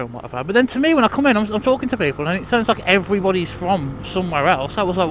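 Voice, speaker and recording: A man's voice: high-pitched, sing-song, quick pace, hardly any pauses, a bit bright, slight background noise. A man vlogging while out riding a bike on country lanes, chatting in a rambling, self-deprecating way with lots of restarts and fillers. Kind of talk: casual rambling monologue.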